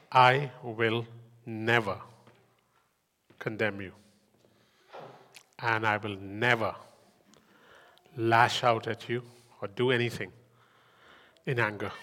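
A gentle, fatherly God speaks in a hushed, unhurried voice, as a preacher puts him on. The tone sits at an ordinary middle pitch. A long reverb trails each phrase through the hall. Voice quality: soft, hushed and slow.

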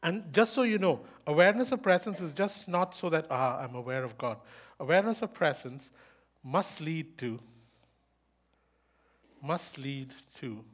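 A man's voice: on the high side, lively intonation, moderate pace. A man preaching a sermon to a live audience, telling a personal story with frequent laughter and repeating key phrases for emphasis.

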